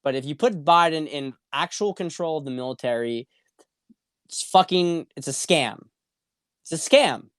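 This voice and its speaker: A man's voice: on the high side, normal speed, fairly bright tone, no echo, clean studio sound. A man hosting a casual livestream, answering viewer questions in a blunt, profane way and often repeating himself. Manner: blunt and profane, with frequent repetition and restarts. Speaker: show host.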